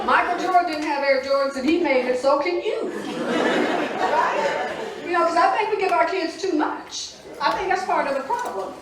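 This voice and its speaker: A middle-aged woman doing stand-up comedy, sassy and chatty, teasing the audience about marriage and motherhood. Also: high-pitched. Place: large hall with live audience. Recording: echoey hall from far off, crowd laughter and noise.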